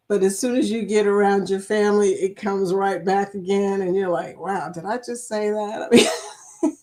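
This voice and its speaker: A woman's voice: medium pitch, darkish tone. A middle-aged woman from Kentucky hosting a livestream, chatting casually and reading out viewer comments, rambling and laughing often. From Kentucky, USA. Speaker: livestream host.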